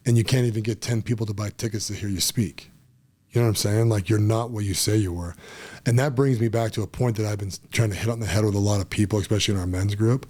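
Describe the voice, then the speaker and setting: A middle-aged man with a somewhat low voice talks in a relaxed podcast chat. He gets emphatic and animated as he tells his stories. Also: breathy edge. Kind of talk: casual podcast conversation.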